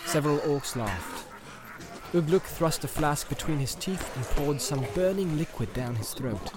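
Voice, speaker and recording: A man's voice: fairly high pitch, a little slow. Man narrating an audiobook. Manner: steady storytelling. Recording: background noise.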